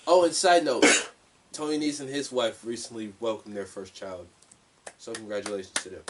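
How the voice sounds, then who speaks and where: A man's voice: mid-range voice, normal speed, very noisy. A man co-hosting a podcast, chatting about wrestling with laid-back, agreeable comments. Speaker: podcast co-host. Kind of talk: casual wrestling chat.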